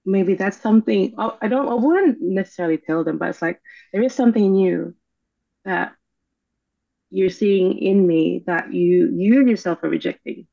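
A woman coach as an interview guest, speaking in a gentle, affirming and reflective way over a slightly dull remote line. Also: mid-range voice, moderate pace, vocal fry, dry recording. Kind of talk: conversational interview.

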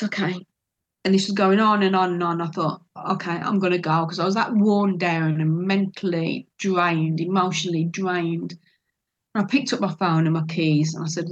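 A woman's voice: fairly low pitch, slightly rough, dull audio. A middle-aged woman telling an emotional personal story in an interview, acting out what others said and laughing often. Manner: animated, acts out quoted voices, laughs often. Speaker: interview guest telling her adoption story.

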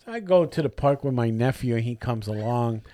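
A man in casual podcast chat whose pitch leaps and drops as he acts out the people in his stories. He sits in the middle of the male range, talks loosely, and swears often. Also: fairly quick. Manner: animated, acts out both sides of stories with jumpy voices; swears freely. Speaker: podcast co-host.

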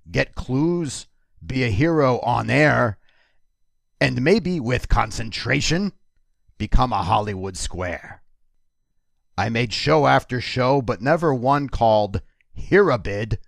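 A man putting on a monster voice to recite a comic ode slowly. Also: mid-range voice, creaky, dry recording, studio quality, pitched above the performer's own voice, exaggerated voice. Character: Cookie Monster-style gravelly puppet monster reciting an ode.

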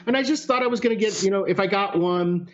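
A man telling a story in casual chat, animated, with some swearing. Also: high voice, fast. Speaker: podcast guest. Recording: lo-fi sound.

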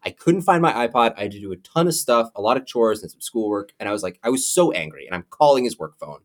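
A man in casual podcast chat, animated, telling a personal story and laughing often. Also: mid-range voice, quick pace.

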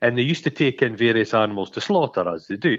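A man's voice: mid-range voice, fast talker. Guy rambling and swearing about a movie, kinda dull lo-fi sound. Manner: rambling, sweary, animated retelling. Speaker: film podcast co-host. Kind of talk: casual chat.

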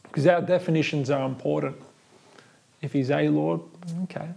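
A man's voice: on the high side, steady tone, moderate pace, gravelly, dark tone. A man preaching a sermon as pastor, earnest and building to fervent, emphatic lists.

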